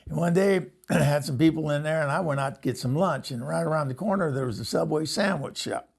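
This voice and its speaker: An older man with a gravelly, husky voice rambles through anecdotes, chuckling as he goes. He slips into other people's voices to act out what they said. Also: a little high, a little fast. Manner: rambling, laughs often, acts out quoted voices. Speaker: host. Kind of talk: casual storytelling monologue.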